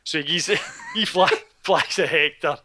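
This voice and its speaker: A man's voice: a little high, slow pace. A Scottish man retelling a film plot in casual chat, sardonic and swearing freely. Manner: sardonic, swearing, animated storytelling.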